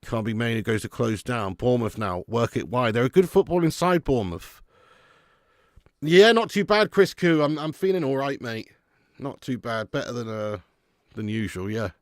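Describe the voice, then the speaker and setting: A man hosting a live match watch-along, chatting excitedly with viewers and calling them mate and lad. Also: mid-range voice, moderate pace, no echo, clean studio sound. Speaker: fan channel host doing a live match watch-along. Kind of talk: casual live-stream commentary and chat.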